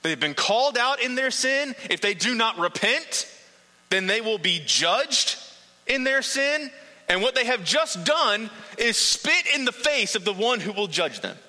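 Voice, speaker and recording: A man's voice: very high-pitched, sing-song, measured pace, bright, forceful tone, in a large hall, poor audio. A man preaching a sermon, earnest and emphatic, building points through repetition.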